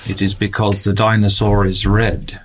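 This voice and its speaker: A man voicing a simple male villager who knows dinosaurs, slow with humming pauses. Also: on the low side, little pitch movement, background noise, close to an everyday voice. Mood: earnest.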